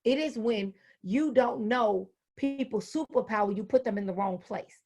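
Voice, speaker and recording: A woman in her fifties with a bright, high voice speaks to a room of educators. She is animated and folksy, and she slips quoted characters into her talk. Her delivery is plain-spoken and punchy. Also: moderate pace. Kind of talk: motivational talk.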